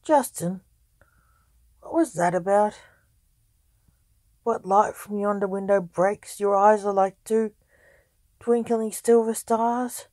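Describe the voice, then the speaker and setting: The ghost of a highwayman, put on by a woman scolds and lectures his partner. His voice is slow and mellow, recorded dry and close. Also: dry recording, close to an everyday voice. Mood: shouting.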